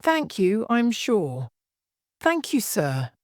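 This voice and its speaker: A woman's voice: mid-range voice, sing-song, slow pace, darkish tone, dry recording, studio quality. A woman voicing a timid young working-class maid who has just become an heiress, speaking plainly and anxiously. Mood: nervous.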